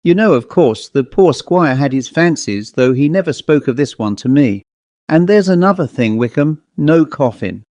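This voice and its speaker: A man voicing an old-fashioned country rector who speaks crisply and a little impatiently. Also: on the high side, animated, normal speed, a little mellow, no room sound, natural voice. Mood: brisk. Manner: crisp, clipped and somewhat impatient. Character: brisk, fussy male country rector.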